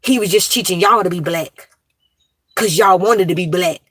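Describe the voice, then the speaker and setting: A woman's voice: lowish voice, normal speed, fairly bright tone, slightly rough, dry recording. Profane, ranting woman in her thirties. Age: 30s. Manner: profane, emphatic, repetitive. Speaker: vlogger. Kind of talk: ranting monologue to viewers.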